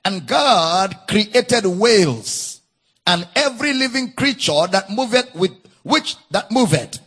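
A preacher with a Nigerian English accent teaching from the Bible, reading verses in a singsong way and repeating key phrases for emphasis. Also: male voice, high voice, very animated, slow pace, fairly bright tone, slightly rough.

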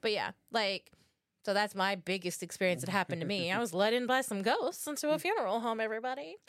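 Podcast co-host, woman in her thirties, middle pitch, dry close sound, animated and profane storyteller. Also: quick pace, no room sound. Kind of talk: casual chat, storytelling.

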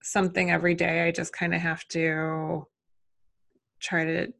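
A woman in her thirties with a fairly low voice that has a gravelly, fry-edged texture. She talks casually and loosely, circling her thoughts with fillers and self-questioning as she chats about raising her child. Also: flat delivery, measured pace, fairly bright tone. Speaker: mother and podcast guest. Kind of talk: casual conversation.

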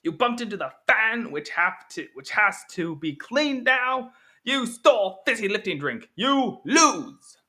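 Willy Wonka, a man doing a shrill scolding candy maker. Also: very animated, measured pace, sharp tone, full character voice. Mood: furious. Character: angry eccentric male candy factory owner.

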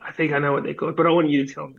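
A man's voice: on the high side, level tone, rapid-fire, gravelly. A man co-hosting a podcast, swearing as he rambles through army anecdotes. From Australia. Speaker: podcast co-host, army veteran. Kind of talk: casual storytelling. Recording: dull lo-fi recording.

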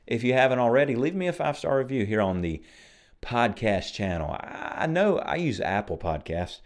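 A man's voice: medium pitch, a little mellow. Fervent male preacher hosting a podcast. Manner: fervent, exhorting, then chatty and jokey.

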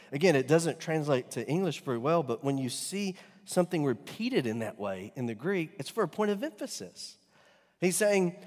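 Impassioned male preacher with a lively, high voice. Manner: preaching with big swings from loud emphatic peaks to soft, near-whispered lines; asks the congregation rhetorical questions. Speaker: pastor. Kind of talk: sermon. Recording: long hall reverb.

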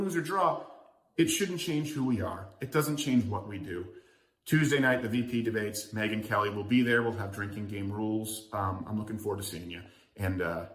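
Talk show guy being sarcastic and pumping up his audience, roomy echo on the voice. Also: mid-range voice. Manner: sarcastic, rousing, chuckling at his own jokes. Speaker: political talk show host. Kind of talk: political talk show monologue.

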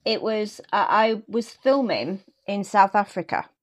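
A woman, a guest telling stories in a lively, animated way over a remote call. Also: mid-range voice, a little slow. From England. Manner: lively, animated storytelling with laughs. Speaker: guest, actor and football fan. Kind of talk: casual podcast chat over a call.

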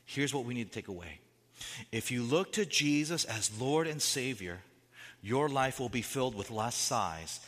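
A male pastor preaching a sermon, asking many rhetorical questions and swinging from loud outbursts to hushed lines. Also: mid-range voice, long reverb tail.

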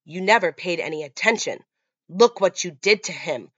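A woman voicing a grieving middle-aged mother turned killer, soft-spoken and quietly menacing, in a dull lo-fi recording. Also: on the low side, expressive, normal speed, dry recording.

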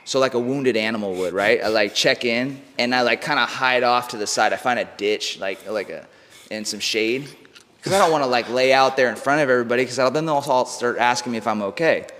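Brief: male guest, mid-pitched, loose and profane storyteller, recorded with a long room reverb. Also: a little fast, a bit bright. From United States. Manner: swears freely, says "bro" and "like". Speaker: podcast guest, mindset coach. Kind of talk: casual storytelling.

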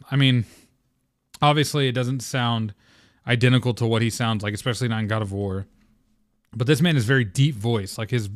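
A podcast host rambles through a casual solo episode, swearing freely and filling it with lots of "um" and "like." His voice is mid-range, and the recording is dry and studio quality.

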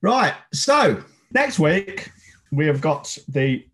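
A man co-hosting a podcast in a casual, sweary way. His voice sits a bit high for a man. He talks bluntly and builds into heated rants. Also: sing-song, slow pace, a bit bright. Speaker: podcast co-host.

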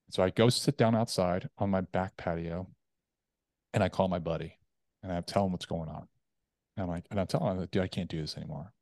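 A man's voice: sits low, no room sound, clean studio sound. A man guest on a podcast, telling a personal story candidly and acting out the voices of others. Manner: candid, animated retelling with acted quotes.

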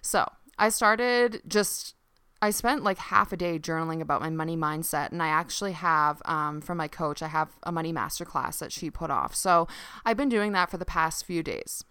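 Bright, crisp-voiced woman chatting casually. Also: deep voice, moderate pace, no room sound, studio quality. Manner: chatty and animated, swears freely, lots of "like". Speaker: podcast host and coach. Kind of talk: casual solo podcast monologue.

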